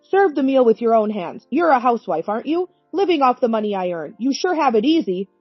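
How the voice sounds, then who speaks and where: Woman voicing a domineering, scornful middle-aged husband; irritable sneer, somewhat husky, dry dull recording. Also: fairly high pitch, big pitch swings, fairly quick, no echo, soft background music.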